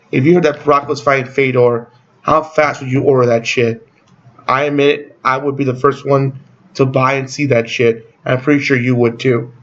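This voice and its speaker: A man rambles through a casual opinion vlog at an ordinary middle pitch for a man. He speaks bluntly and swears freely, and he drops sarcastic asides as he goes. The recording is muffled and lo-fi. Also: a bit bright. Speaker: YouTube channel host.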